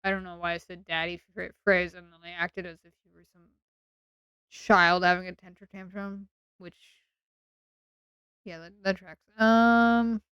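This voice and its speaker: A woman's voice: fairly low pitch, fairly even intonation, unhurried, pauses often, a bit bright, clean tone, no room sound, muffled recording. A woman streamer chatting casually late at night, sleepy, rambling and playfully teasing her chat.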